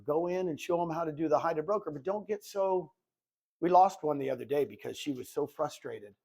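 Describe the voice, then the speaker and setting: An older man in his sixties presenting to a room of real estate agents. He talks like a goofball, telling stories and acting out both sides of his conversations. His voice sits a little high. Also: a little fast, gravelly. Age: 60s. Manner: animated storytelling, acts out dialogue; jokey self-described goofball. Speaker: real estate recruiter and coach.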